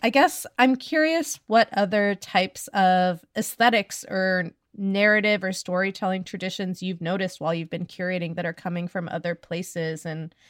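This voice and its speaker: A woman interviewing a guest, asking curious, measured questions in a casual conversation. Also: lowish voice, fairly even intonation, no echo, clean studio sound.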